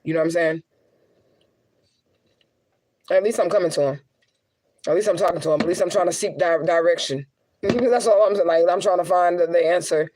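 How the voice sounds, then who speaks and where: Young adult woman, a medium on a casual live stream; blunt, profane, quick to laugh. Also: lowish voice, darkish tone, a little hiss or hum. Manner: candid, profane, laughing often. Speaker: spiritual reader and medium. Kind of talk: casual livestream venting.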